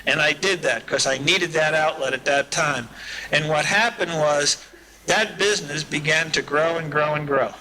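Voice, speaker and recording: A man's voice: on the high side, moderate pace, sharp tone, poor audio. A man giving a talk at a recovery meeting, telling humorous stories in a folksy way. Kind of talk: storytelling talk to an audience. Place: live talk at a summer event. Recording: hissy old cassette tape.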